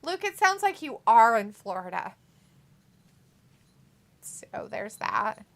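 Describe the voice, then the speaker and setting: Giggly high-voiced woman streamer. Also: sing-song, slow pace. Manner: giggly and playful, swears freely. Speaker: livestream co-host. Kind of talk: casual watch-along chat, reading viewer comments aloud.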